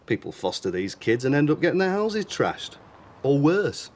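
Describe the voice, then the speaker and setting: A man's voice: a little high, big pitch swings, normal speed, a little mellow. An actor playing a blunt, sceptical working-class man.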